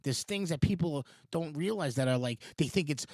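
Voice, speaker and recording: Rambling middle-aged man, lively pitch. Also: moderate pace, no echo, clean studio sound. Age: 40s. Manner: digressive and rambling, swears casually, frequent restarts. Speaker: show host. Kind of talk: rambling morning-show monologue.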